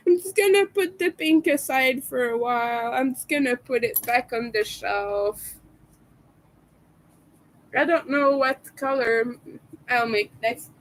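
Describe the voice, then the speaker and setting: Woman livestreamer, casual chat with viewers, slow and rambling, higher voice, laughs a lot. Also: a bit bright, poor audio. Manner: giggly, laughs often and hard; rambling, restarts and fillers. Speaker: crochet livestreamer.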